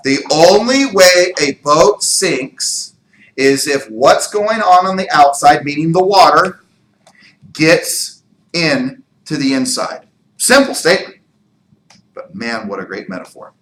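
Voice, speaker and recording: Motivational male sales coach, slightly high, bright-toned, punchy and emphatic, echoey meeting room. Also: slow pace. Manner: energetic and emphatic, with rhetorical questions. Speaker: real estate sales trainer. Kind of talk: motivational training talk.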